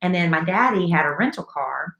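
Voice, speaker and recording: Low-voiced woman telling a chatty story. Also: expressive, brisk, over a noisy crowd. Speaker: radio show co-host. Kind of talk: casual chat. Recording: echoey room.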